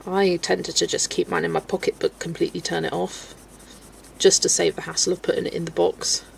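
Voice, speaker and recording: Laughing Wiltshire-accented woman with vocal fry. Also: lowish voice, flat delivery, fairly quick, slight background noise. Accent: Wiltshire, Southwest England. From Southwest England. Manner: chatty and self-deprecating, laughs often. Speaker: colouring live streamer answering chat. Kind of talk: casual live-stream chat.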